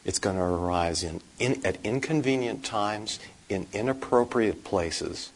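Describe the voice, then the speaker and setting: A Buddhist monk teacher gives a dharma talk in a low, husky, slightly breathy voice. He speaks slowly and deliberately, with dry, wry humor, and the recording is rough.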